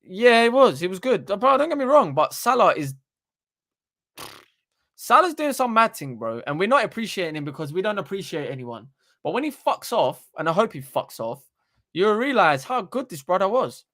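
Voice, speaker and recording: A young man, hosting a casual live stream into a desktop microphone and talking in an animated, slangy, sweary way. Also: high-pitched, moderate pace. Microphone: desktop USB microphone.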